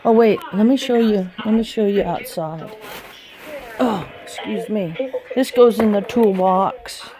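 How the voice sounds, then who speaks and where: A woman vlogger rambling casually and thinking out loud while doing chores around her home and yard. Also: mid-range voice, measured pace, a crowd in the background.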